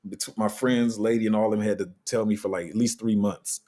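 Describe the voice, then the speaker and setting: A man's voice: fairly low pitch, steady tone, brisk, dark tone. A man hosting a casual live crypto Q&A, answering chat in a loose, candid way and trailing off while he looks things up. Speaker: crypto livestream host.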